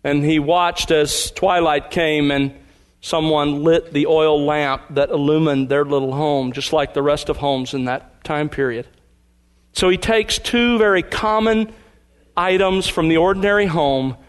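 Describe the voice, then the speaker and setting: A man delivering a sermon in a fairly high voice. He preaches with emphasis, slowing down and stressing key words as he explains a passage. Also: clear, resonant tone. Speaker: pastor.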